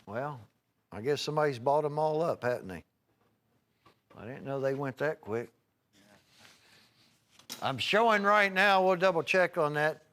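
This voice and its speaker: A man's voice: a little high, lively intonation, unhurried, pauses often, fairly bright tone. A man hosting a live home shopping broadcast, chatting in a folksy, rambling way while reeling off prices and item numbers. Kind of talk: live televised sales pitch.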